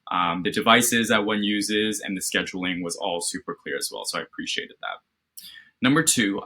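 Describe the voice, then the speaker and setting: A man's voice: deep voice, pushed and bright, husky. A man acting as a mock interviewer, giving structured, encouraging feedback over a video call, often tagging his points with "right?".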